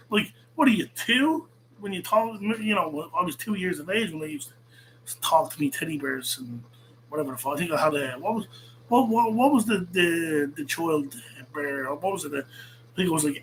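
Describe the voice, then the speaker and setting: A man hosts a show and fires off a rambling, profane rant full of restarts. His voice sits a little above the usual male range. A soft hum runs faintly beneath him throughout. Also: fairly high pitch, poor audio. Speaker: host. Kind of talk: ranting monologue.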